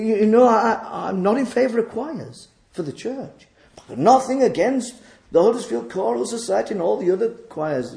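Fervent preacher, high and gravelly. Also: male voice, dark tone, roomy sound. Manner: fervent, exhorting, emphatic. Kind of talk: sermon. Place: church.

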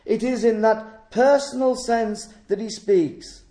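A man's voice: high voice, fairly even intonation, slow, dark tone, roomy sound, faint music behind. A man preaching a sermon, emphatic and full of rhetorical questions.

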